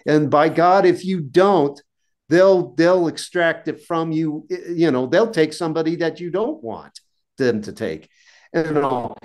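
A man's voice: a little high, unhurried, darkish tone, lightly acted. A man voicing a grounded, skeptical male magician in a retold joke, bluntly lecturing his peer. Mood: warning.

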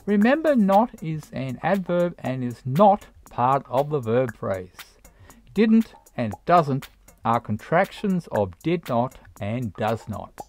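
A narrator reads a grammar lesson for English learners, spelling out each example at an unhurried pace. The intonation rises and falls in an animated way. Soft music plays quietly underneath. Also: mid-range voice. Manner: slow, deliberate explaining with read-out examples. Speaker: English teacher.

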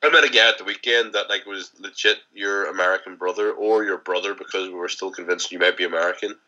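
A man's voice: sits low, steady tone, fast talker, bright, forceful tone. A young man co-hosting a podcast, rambling and teasing in casual banter and swearing freely. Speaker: podcast co-host. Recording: dull lo-fi podcast audio.

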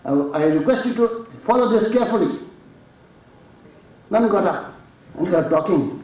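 A man's voice: a little high, very animated, measured pace, long pauses. A man with an Indian accent preaching a sermon, telling a story dramatically and raising his voice for the challenges. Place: mosque hall. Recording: echoey hall, distant mic, dull sound.

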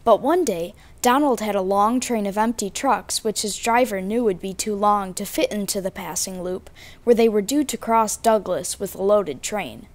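A woman reading a children's storybook aloud in a clear, even manner. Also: mid-range voice, moderate pace. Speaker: storybook reader.

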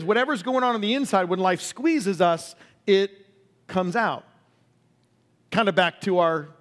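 A male pastor preaching a sermon, asking the congregation questions and acting out quoted cries before dropping to a hush. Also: high voice. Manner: acts out quoted cries loudly and drops to a hush.

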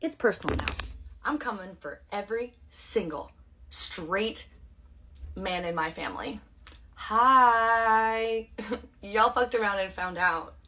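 A woman's voice: medium pitch, lively intonation, a little slow, fairly bright tone, a little hiss or hum. A woman talking casually to the camera in a sarcastic, aggrieved, rambling way. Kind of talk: casual social media monologue.

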